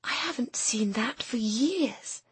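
A woman reads out a pampered young woman who pouts and gushes, her breathy voice lifted noticeably higher than a plain speaking voice. The storybook figure sounds petulant and used to getting her way. It is recorded close and dry. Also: unhurried, no echo, full character voice. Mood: wistful. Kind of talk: audiobook character voice.

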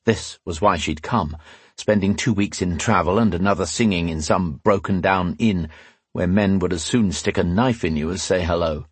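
A man reading a fantasy audiobook aloud in steady, scripted narration. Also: low-pitched, normal speed, husky, no room sound.

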